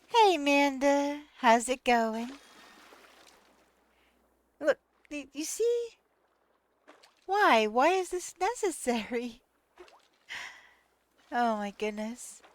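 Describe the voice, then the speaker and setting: A woman with a high voice chats through a live game stream at an unhurried pace. She keeps breaking into laughter and exclaiming in disbelief. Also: very animated. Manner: laughs often, incredulous exclamations. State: laughing to tears. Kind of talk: casual live-stream chat while playing.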